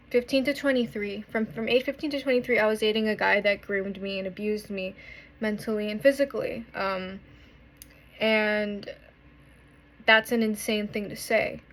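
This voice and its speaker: Young woman, fairly high voice, confessional vlog, halting, blunt, cursing freely. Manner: raw, halting, profane, many restarts. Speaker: vlogger.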